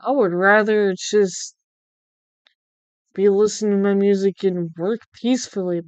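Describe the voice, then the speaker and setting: A woman's voice: mid-range voice, fairly even intonation, a little slow, darkish tone, clean tone, no room sound. A young woman livestreamer chatting casually, incredulous and swearing freely. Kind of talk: casual chat while drawing.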